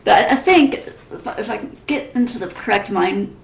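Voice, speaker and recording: A woman's voice: mid-range voice, expressive, a little fast, gravelly. Chatty woman with a blended American-English accent. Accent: American mixed with English. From Missouri, United States. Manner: chatty, rambling, frequent restarts. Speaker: vlogger. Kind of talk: casual Q&A vlog. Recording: roomy echo.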